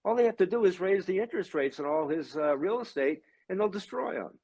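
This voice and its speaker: Older man, seventies, guest, emphatic ranting delivery, slightly high voice, very lively pitch. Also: quick pace, husky. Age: 70s. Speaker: guest, religious brother. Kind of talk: heated conversational monologue.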